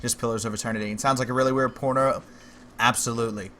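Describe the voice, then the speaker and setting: A man livestreaming a fantasy game, reading the game's text aloud with slow, measured narration and breaking off into wry, joking asides. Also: mid-range voice, steady tone, sharp tone, a little hiss or hum. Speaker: game streamer.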